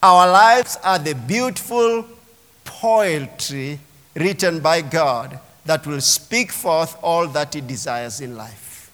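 High-voiced pastor preaching in a reverberant hall. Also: male voice, expressive, measured pace, fairly bright tone. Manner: emphatic preaching with call-and-response. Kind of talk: sermon. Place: church sanctuary. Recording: long reverb of a large hall.

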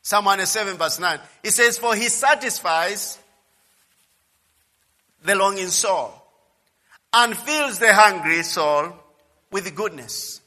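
A male pastor preaching a sermon emphatically, swinging from quiet asides to loud, repeated declarations. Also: high voice, slow pace, pauses often, long reverb tail.

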